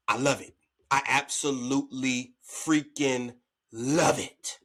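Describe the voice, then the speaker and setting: A man's voice: medium pitch, slow pace. A man hosting a sports podcast, giving casual, slangy commentary and acting out players' reactions. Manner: animated, conversational, slangy, acts out players' reactions.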